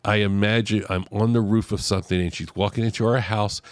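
A man's voice: lowish voice, fairly even intonation, a little fast, no room sound. A man guesting on a podcast, telling a joking story in casual chat and laughing as he talks. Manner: jokey, laughs while talking.

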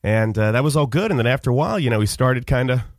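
A man telling a rambling, mock-solemn comic story on a radio show, halting with many fillers. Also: medium pitch, animated, dry recording, studio quality. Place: radio studio.

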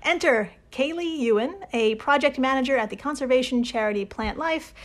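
A woman's voice: high-pitched, fairly quick. A woman co-hosting a podcast in casual chat, presenting the story playfully and laughing often. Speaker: podcast co-host.

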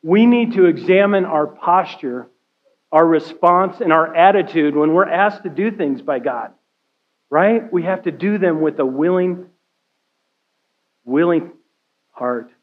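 High-voiced pastor preaching conversationally. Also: male voice, expressive, measured pace, long pauses, narrow, tinny audio. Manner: conversational preaching, often checking in with "right?" and "okay?". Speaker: care pastor. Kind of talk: sermon. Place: church sanctuary.

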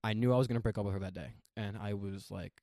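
A young man telling a story in casual chat, profane and animated, acting out quoted lines. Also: fairly low pitch, quick pace, no echo, clean studio sound.

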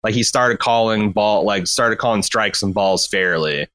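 A man's voice: fairly low pitch, unhurried, no room sound. A man in casual podcast chat about a movie, rambling and correcting himself as he talks. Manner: rambling, self-correcting, animated. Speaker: podcast co-host. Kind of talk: casual film discussion.

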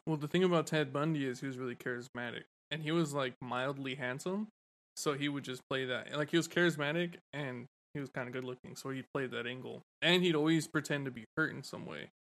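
A man's voice: medium pitch, a little fast, a bit bright. A man co-hosting a podcast, telling stories in a rambling, loose way with cursing and easy laughter. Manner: rambling, swearing, laughs easily. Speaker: podcast co-host. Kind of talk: casual podcast chat.

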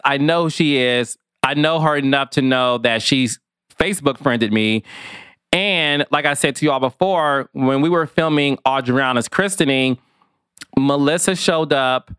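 Man, casual reality tv commentary, smooth resonant voice, dry close sound, sassy asides. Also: fairly high pitch, no echo. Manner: chatty and expressive, with sassy asides. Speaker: commentator, former field producer.

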